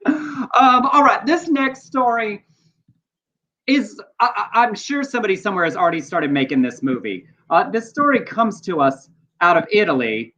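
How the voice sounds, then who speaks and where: A man's voice: high-pitched, expressive, moderate pace, bright, forceful tone. A man co-hosting a casual livestream, reading news stories aloud with playful, wry asides. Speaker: co-host. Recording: dull lo-fi stream audio.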